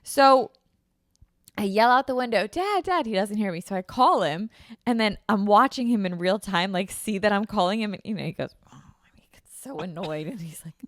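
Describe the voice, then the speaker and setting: A woman's voice: mid-range voice, a little fast, dry recording. Young woman host, dry close mic. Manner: wry, joking asides. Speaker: podcast host, daughter. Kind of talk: casual chat.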